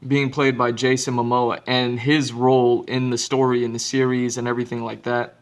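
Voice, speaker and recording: A man's voice: mid-range voice, level tone, normal speed. A man hosting a podcast, talking casually in a rambling way with many fillers and restarts. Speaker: podcast host. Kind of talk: casual monologue.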